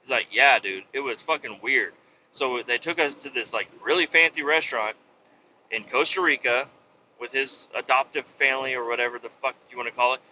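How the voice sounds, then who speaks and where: Brash, cursing storyteller man, very bright. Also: medium pitch, fairly quick, dull audio, a little hiss or hum. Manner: profane, animated retelling with quoted dialogue. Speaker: podcast host. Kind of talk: casual storytelling.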